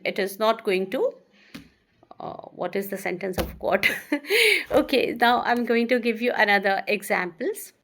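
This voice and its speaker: A woman teaching an English grammar lesson, reading example sentences slowly and emphatically, with some fillers and restarts. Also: fairly high pitch, fairly bright tone.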